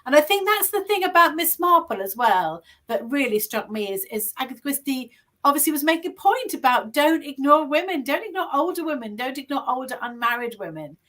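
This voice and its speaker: A woman from England, a guest author chatting on a video call, friendly and quick to laugh. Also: high-pitched, very animated, a bit bright. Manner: chatty, laughs often, restarts. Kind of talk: conversational interview.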